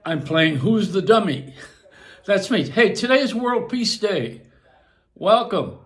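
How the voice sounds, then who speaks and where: Older male host with a slightly high voice, loose, self-mocking monologue. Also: very animated, slow, a bit bright. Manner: chatty, self-mocking, laughs at his own jokes. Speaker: radio and broadcast host. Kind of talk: casual rambling monologue.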